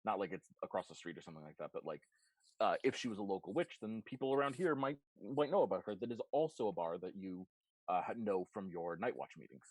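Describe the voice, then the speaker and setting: A man running a tabletop game, narrating in a loose, rambling way with plenty of restarts. His voice sits very low. The sound is close and dry, with no room around it. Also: animated, fast, darkish tone, no room sound, poor audio. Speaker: game master.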